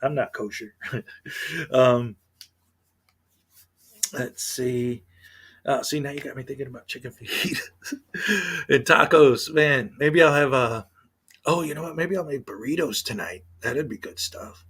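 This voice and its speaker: A man's voice: mid-range voice, a little slow, long pauses, fairly bright tone, slightly rough. Rambling, chatty livestream host man. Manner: rambling, chatty, many fillers and restarts. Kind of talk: casual livestream chat.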